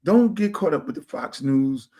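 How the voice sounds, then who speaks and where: A man's voice: fairly high pitch, lively intonation, moderate pace, mellow. A man hosting his own streamed show, ranting to viewers in a blunt, profane, slangy way. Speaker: show host. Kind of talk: casual livestream rant to viewers. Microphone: streaming setup mic.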